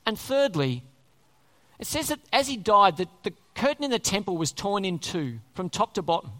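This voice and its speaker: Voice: mid-range voice, sing-song, normal speed, a bit bright. A preacher delivering a sermon, speaking emphatically, repeating key words and asking many rhetorical questions.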